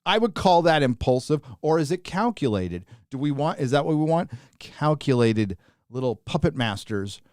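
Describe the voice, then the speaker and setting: A man's voice: on the high side, big pitch swings, moderate pace, a little mellow, no room sound, studio quality. A tired man hosting a livestream, chatting casually and rambling as he reads out viewer names. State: tired, running on little sleep. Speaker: livestream host.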